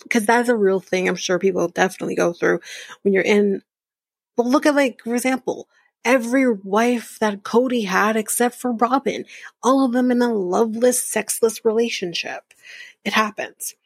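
Gravelly, foul-mouthed woman podcast host. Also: on the high side, normal speed, dry recording. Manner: profane, sarcastic storytelling with frequent laughs. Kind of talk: casual TV recap chat.

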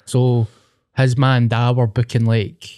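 A man's voice: medium pitch, little pitch movement, unhurried, dark tone, smooth. A young Scottish man co-hosting a podcast, telling stories in casual chat with plenty of swearing. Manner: storytelling, sweary, laughing. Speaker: podcast co-host.

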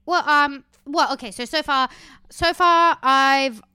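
A woman's voice: high-pitched, takes it slowly, pushed and bright, no echo, clean studio sound. An Australian woman, a comedian, chatting casually on a podcast, rambling and swearing casually. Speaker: comedian guest. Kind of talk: casual chat.

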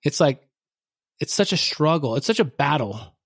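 Male podcast co-host coaching contractors, loose rambling delivery, voice pitched a bit high. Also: animated, moderate pace, vocal fry. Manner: rambling, many fillers and restarts. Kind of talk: casual podcast conversation.

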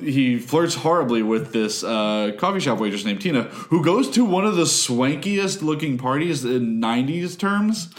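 A man's voice: mid-range voice, animated, normal speed, hardly any pauses. A man chatting casually on a podcast, recapping a TV episode in a rambling way with lots of fillers.

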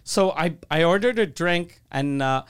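A man co-hosting a podcast, telling stories in casual chat, animated and swearing freely. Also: on the high side, unhurried, clear, resonant tone. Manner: profane, animated storytelling. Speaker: podcast co-host.

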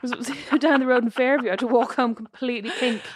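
A young woman co-hosts a relaxed chat, rattling along at a brisk pace. She tells stories about herself with a self-mocking humor. Her voice is close and dry, with no room sound. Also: a little high, no echo. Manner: chatty, self-mocking storyteller. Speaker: podcast co-host. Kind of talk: casual chat.

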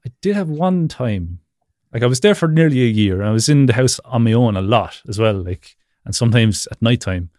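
A man's voice: medium pitch, expressive, fairly quick, darkish tone, no room sound, studio quality. A man as a guest on a video-call interview, rambling casually with lots of fillers and frequent laughs. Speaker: podcast guest.

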